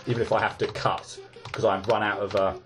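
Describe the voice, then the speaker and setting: A man's voice: fairly low pitch, little pitch movement, a little fast, fairly bright tone, soft background music. A man giving casual gameplay commentary, ranting in exasperation and stumbling over repeated restarts. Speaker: let's play gamer.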